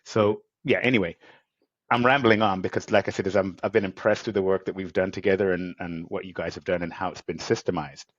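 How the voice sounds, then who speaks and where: Deep-voiced male podcast host. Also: fairly even intonation, fairly quick, a bit bright, no echo, lo-fi sound. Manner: enthusiastic, rambling, acts out quotes. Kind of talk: conversational interview.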